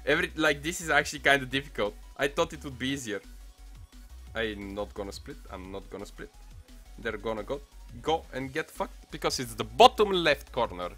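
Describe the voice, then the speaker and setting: A young man casually commenting on a mobile game as he plays, excitable, muttering to himself and swearing often. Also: mid-range voice, moderate pace. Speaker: gaming channel host. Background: faint music playlist.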